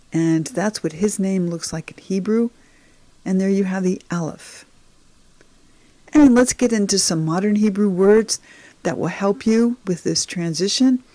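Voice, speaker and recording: Talking straight to the learner, this woman walks beginners through a Hebrew lesson on slides at a slow, patient pace and with an encouraging tone. Her pitch is medium, her tone dark, and there's no room sound.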